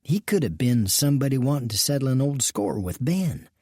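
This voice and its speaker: Courteous businesswoman of the saloon, read by a man; low-key, mellow, gentle. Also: big pitch swings, a little fast, breathy edge, dry recording, clean studio sound. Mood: gracious. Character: gracious woman saloon partner.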